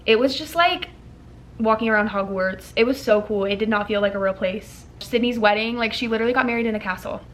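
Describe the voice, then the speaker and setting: A woman's voice: a little high, fast, a bit bright, a little hiss or hum. A woman in her thirties, a content creator, chatting casually to camera in a rambling, filler-heavy way. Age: 30s. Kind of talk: casual chat.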